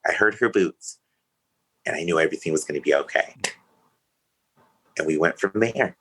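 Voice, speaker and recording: A man's voice: rumbling low, moderate pace, vocal fry, pauses often, fairly bright tone, slightly rough, rough recording. A man, a podcast guest, telling a painful personal story in an earnest, emotional way.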